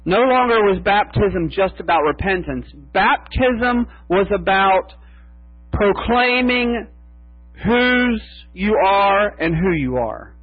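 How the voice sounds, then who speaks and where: A man preaching a sermon as pastor, slow and emphatic with long pauses. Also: sits high, animated, no room sound, soft background music. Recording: tinny phone-like sound with mains hum.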